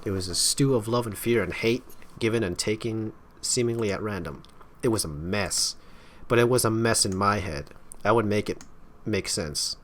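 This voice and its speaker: Low-voiced man with wry, stumbling asides. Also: moderate pace. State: strained throat. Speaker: gaming YouTuber. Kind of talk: casual let's-play commentary and narration.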